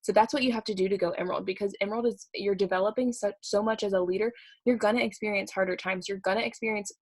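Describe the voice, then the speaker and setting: A young woman giving a fired-up motivational talk to her sales team, repeating her points with quick laughs. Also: medium pitch, fairly even intonation. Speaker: network marketing team leader.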